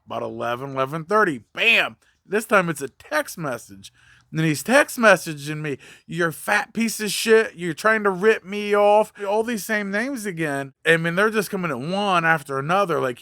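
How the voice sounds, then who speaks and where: A man's voice: a little high, animated, moderate pace, pushed and bright, no room sound, studio quality. A man who works as a mobile mechanic, telling a story casually, with blunt, profane, conversational talk.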